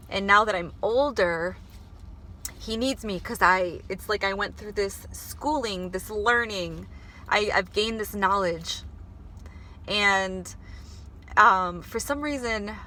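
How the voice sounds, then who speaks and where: Vlogger, woman, bright tone, earnest and halting, faint background hum. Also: mid-range voice. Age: adult, married. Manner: earnest, emotional, halting with restarts. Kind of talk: spiritual vlog monologue. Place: before going to work.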